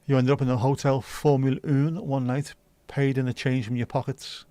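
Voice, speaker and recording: A livestream host chats casually and swears freely as he reacts to viewer comments, a laid-back, sweary banter. His mid-range voice has little pitch movement, a normal speed and a warm tone, with no room sound.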